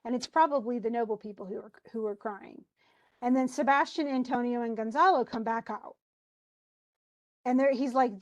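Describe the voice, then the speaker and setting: A woman's voice: a little high, normal speed, a little mellow, muffled recording. A woman lecturing a class on a play in a chatty way, often restarting and reading lines aloud with emphasis. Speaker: teacher.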